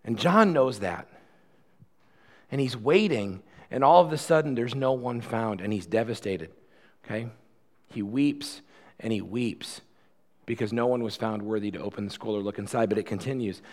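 A man preaching a sermon in a conversational style, swinging from loud, fast passages to quiet, slow ones. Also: lowish voice. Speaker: pastor.

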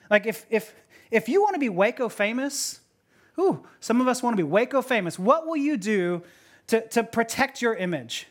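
Animated woman preaching with laughs. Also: mid-range voice. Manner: animated, laughing often, repeats words, many rhetorical questions. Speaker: pastor. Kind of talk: sermon.

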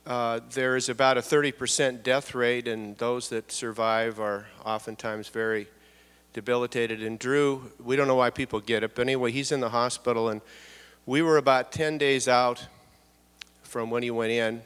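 A man's voice: steady tone, a bit bright, smooth. Middle-aged guy telling his story at church, earnest, stumbles and repeats a lot, big echoey hall. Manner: earnest, halting, repeats words, voice drops low at times. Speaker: church speaker sharing testimony. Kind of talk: personal testimony in church. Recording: long hall reverb.

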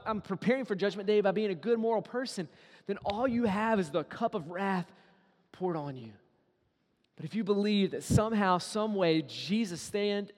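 A man preaching a sermon, swinging from loud acted-out quotes to hushed, intimate asides. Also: high voice, long reverb tail. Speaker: pastor.

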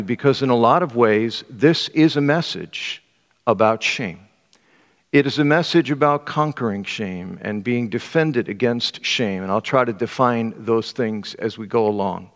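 A man preaching a sermon and reading an excerpt aloud, with a measured, deliberate delivery. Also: mid-range voice, in a large hall. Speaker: pastor.

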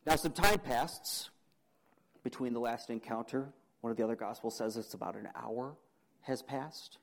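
A young man preaching a sermon, dramatic, asking the audience questions and swinging between loud emphasis and quiet. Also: mid-range voice, moderate pace, vocal fry, rough recording.

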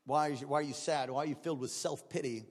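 A man preaching a sermon as pastor, swinging between loud exhortation and quiet, joking asides. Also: on the high side, quick pace, big-room sound. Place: church.

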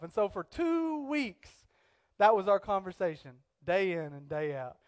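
Young male preacher, slightly high-pitched, animated storyteller who shifts between loud bursts and hushed reflection. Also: a little slow, no room sound. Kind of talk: sermon with personal story.

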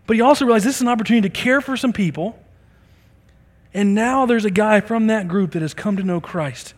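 A man preaching a sermon in a church service, telling stories with animated delivery and acting out the people in them. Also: high-pitched, fairly quick. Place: church sanctuary during a service. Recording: long reverb of a large hall.

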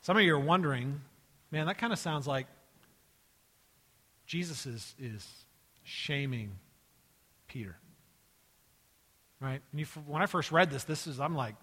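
A man preaching a sermon in an animated storytelling way, acting out the lines of the story and then falling to hushed tones. His voice is a little husky and sits on the higher side. The sound rings with the long reverb of a hall. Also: measured pace, long pauses. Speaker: pastor.

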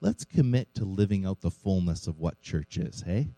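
A man's voice: low-pitched, big pitch swings, normal speed, mellow, dry recording, poor audio. A man preaching a sermon as pastor of a church, earnest, with rhetorical questions to his congregation.

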